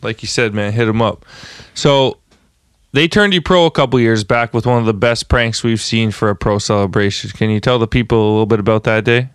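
A podcast co-host with a low, smooth, resonant voice, recorded dry and close to the mic. He is easygoing and often chimes in while the guest talks. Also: a little fast, no room sound. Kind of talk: casual interview.

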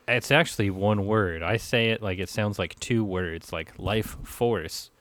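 Wry, low-voiced man on a podcast. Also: moderate pace, fairly bright tone, a little hiss or hum. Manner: wry, jokey, laughs often. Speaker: podcast co-host. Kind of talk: casual chat.

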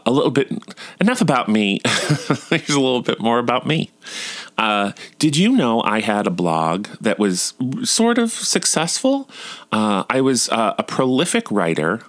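A man's voice: fairly low pitch, no echo. A man and father telling stories in a casual vlog, chatty and self-mocking, laughing often. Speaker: vlogger and father.

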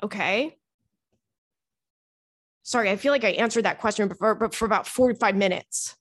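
A woman's voice: mid-range voice, moderate pace. A woman hosting a casual talk show, candid and blunt, swearing freely and acting out conversations as she tells a story. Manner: animated storytelling, acts out friend's lines. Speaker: podcast host giving dating advice. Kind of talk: casual chat to listeners.

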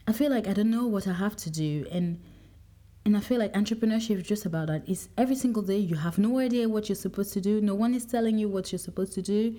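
A young woman with a low, mellow voice hosts her own podcast and thinks out loud about her day. She rambles in a reflective way, circling back with fillers and restarts. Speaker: podcast host. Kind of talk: casual personal podcast monologue.

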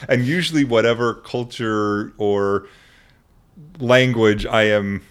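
Man, low voice, podcast host, casual chat, jokey, rambling restarts, laughs a lot. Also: slow pace, smooth.

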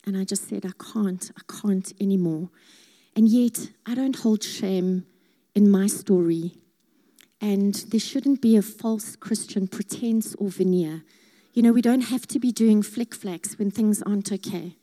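A woman sharing a heartfelt faith testimony, earnest and at times dropping to a hushed voice. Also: mid-range voice, a little slow. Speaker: speaker sharing her testimony.

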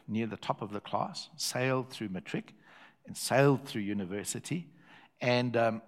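Older man, south african accent, preacher, storytelling sermon, repeats phrases, mid-pitched voice. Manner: lively storyteller who repeats phrases for effect.

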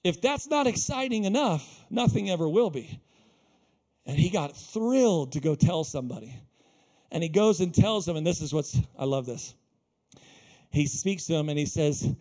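A man with a high-pitched voice preaches a sermon in a small church. He is animated and jokey, and he acts out the lines he quotes. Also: moderate pace. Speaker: pastor.

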